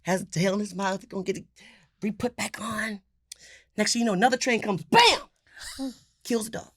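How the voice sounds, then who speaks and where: A woman, a podcast guest, telling a joke in an animated, dramatic way. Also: mid-range voice, fairly quick, husky, no room sound, clean studio sound. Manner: animated, dramatic, lots of laughter. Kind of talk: joke storytelling.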